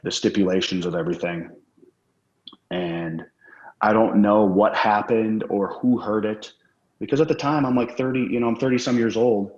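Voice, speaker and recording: A man telling rambling, profane anecdotes as a guest in a casual interview. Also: low voice. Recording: roomy, dull lo-fi sound.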